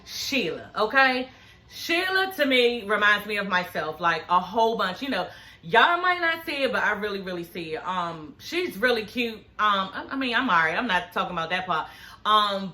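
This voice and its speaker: A woman's voice: mid-range voice, bright, forceful tone. A woman in her forties recapping a reality show in casual chat, sassy and profane, calling her viewers honey and girl. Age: 40s.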